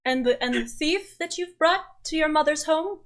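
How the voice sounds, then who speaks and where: A woman's voice: high voice, normal speed, voice pushed up. A woman game master voicing an elderly male butler who speaks in a formal, faintly disapproving way. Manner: prim, proper, faintly disapproving.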